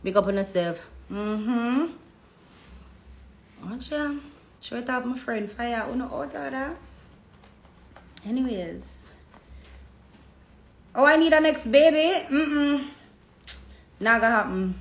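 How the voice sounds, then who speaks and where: Her voice is a little high, slow and full of pauses as she chats on a phone livestream from a hair salon. The social media personality, who has a Jamaican accent, tells stories in patois with animation, acting out the voices she quotes. The echoey space holds faint background noise.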